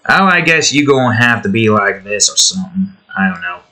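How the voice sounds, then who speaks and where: A man's voice: lowish voice, animated, a little fast, sharp tone. An American man giving casual, rambling commentary while building a game, joking, swearing and talking to the objects on his screen. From United States. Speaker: hobby game developer.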